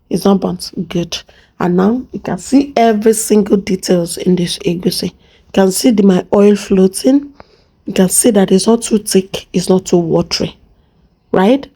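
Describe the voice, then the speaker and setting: A woman's voice: medium pitch, mellow. A Nigerian woman hosting a casual cooking vlog, playful and chatty, talking to her viewers and to the pot as she cooks. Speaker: cooking channel host.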